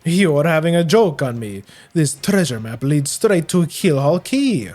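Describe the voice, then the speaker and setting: A man's voice: on the high side, sing-song, a little slow, a little mellow, faint music behind. A man voicing a vain, flamboyant male merchant with a put-on Spanish accent, reading a game's dialogue aloud. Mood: grandiose. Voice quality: flamboyant, grandiose, dramatic.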